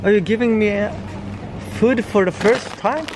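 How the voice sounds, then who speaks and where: A man's voice: sits high, normal speed, background noise. A man taking over someone's vlog, chatting casually in a goofy, crude way with lots of swearing. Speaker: guest vlogger taking over the channel.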